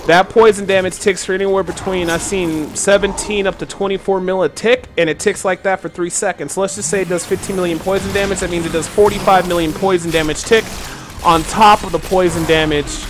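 Speaking fairly quickly with a high, mostly even voice, a weary game streamer yawns while breaking down the mechanics for his audience in casual play-by-play. Game music blares in the background.

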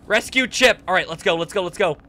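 A young man doing let's play commentary, excitable, reacting loudly and laughing. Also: high voice, brisk, slight background noise. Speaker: gaming YouTuber.

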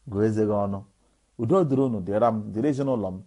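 A man's voice: lowish voice, expressive, quick pace, warm tone, breathy edge, rough recording. A man with a Nigerian Igbo accent, a native Igbo speaker, giving an impassioned appeal to his followers, preachy and full of rhetorical questions. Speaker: activist addressing followers. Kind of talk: impassioned direct-to-camera appeal.

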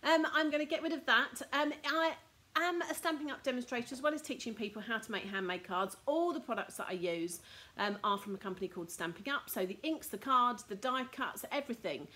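Chatty middle-aged British woman, higher voice. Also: fairly quick, sharp tone. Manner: chatty, frequent ums, laughs at herself. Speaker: card making teacher and host. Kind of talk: casual live-stream craft demo.

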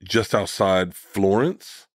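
A man telling stories as a comedian guest on a podcast, animated and profane, often jumping into high excited voices for the people he quotes. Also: slow pace, dry recording, clean studio sound. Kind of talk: casual storytelling conversation.

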